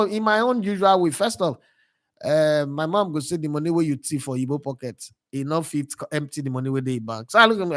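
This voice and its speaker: A man's voice: a little high, no room sound, clean studio sound. A Nigerian man in his thirties hosting a sports channel, telling rambling stories in a casual monologue and slipping into pidgin. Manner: digressive storyteller slipping into pidgin.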